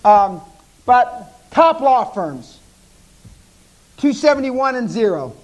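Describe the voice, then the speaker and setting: A man's voice: extremely high pitch, sing-song, slow, darkish tone, rough recording. An American man in his fifties giving a live seminar talk, telling brash stories laced with profanity. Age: 50s. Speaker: seminar speaker.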